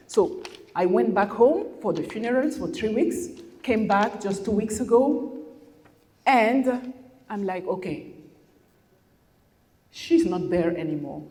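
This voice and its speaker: A woman's voice: mid-range voice, expressive, slow, long pauses, mellow. A woman leading a masterclass, speaking candidly and emotionally to an audience, often repeating phrases for emphasis. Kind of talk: emotional personal talk to an audience. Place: hotel event room. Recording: long hall reverb.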